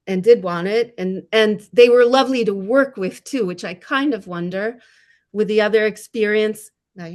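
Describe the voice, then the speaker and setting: Woman, novelist, panel discussion, reflective, self-deprecating, mid-pitched voice.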